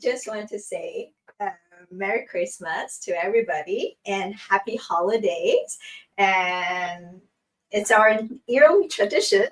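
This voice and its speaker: A woman's voice: medium pitch, lively intonation, slow pace, recorded from a distance, poor audio. A woman who drops in at home to give a short, friendly holiday greeting to the viewers. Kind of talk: casual greeting.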